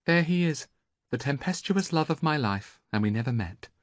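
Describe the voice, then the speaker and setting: A woman's voice: deep voice, animated, normal speed, no room sound, voice pushed up. A man voicing a proud, sarcastic young priestess in an audiobook, speaking in a dry, mocking way. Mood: teasing.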